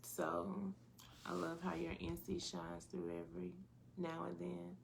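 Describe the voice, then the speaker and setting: A woman from North Carolina with a Southern accent, co-hosting a podcast in a relaxed, casual chat and laughing often. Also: on the low side, takes it slowly, vocal fry, long pauses, slight background noise. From North Carolina, USA. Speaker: podcast co-host.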